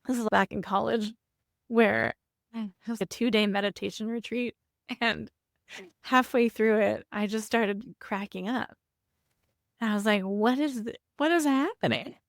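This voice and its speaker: A woman's voice: medium pitch, fairly even intonation, a little slow, creaky, long pauses, dry recording, clean studio sound. A woman in her thirties co-hosting a podcast, talking candidly and reflectively, with frequent laughs. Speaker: podcast co-host. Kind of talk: casual chat.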